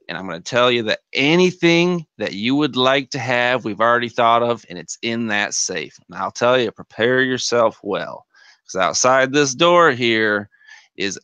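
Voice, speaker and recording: A man's voice: medium pitch, bright, forceful tone, no room sound, highs cut off. A man voicing a smug male show sponsor who taunts the players from a screen.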